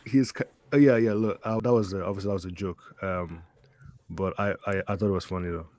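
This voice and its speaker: Low-voiced American man, dry sound. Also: fairly even intonation, quick pace, darkish tone, dry recording. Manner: easygoing, jokey. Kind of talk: casual group chat.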